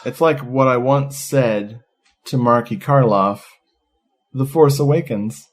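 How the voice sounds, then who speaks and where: A man co-hosting a podcast, retelling a movie's plot in an excited, profane, casual way. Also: mid-range voice, slow. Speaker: podcast co-host. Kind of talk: casual movie review chat.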